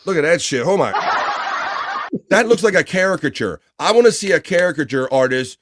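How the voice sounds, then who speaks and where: A man's voice: fairly high pitch, expressive, a little fast, background noise. Wisecracking man hosting a livestream. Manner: laughing often, wisecracking. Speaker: livestream talk show host. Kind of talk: casual chat reading viewer comments.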